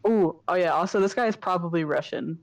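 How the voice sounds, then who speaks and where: Casting: chatty woman gamer, somewhat low voice, thinks out loud. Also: fairly quick, far from the mic. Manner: chatty, guessing aloud, hesitant restarts. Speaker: streamer. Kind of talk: casual let's-play chat.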